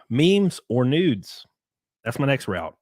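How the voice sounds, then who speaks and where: A young man hosts a casual podcast chat, excitable and joking, with plenty of swearing. His voice sits at an ordinary pitch for a man. The sound is dry and close, with no room around it. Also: drawn-out words, no room sound. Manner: excitable, swears a lot, jokes with mock voices. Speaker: podcast host.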